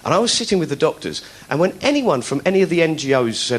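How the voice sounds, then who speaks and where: A man doing stand-up storytelling, animated and laughing, slipping into high voices to mimic people. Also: very fast, few pauses, a little hiss or hum. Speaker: stand-up comedian.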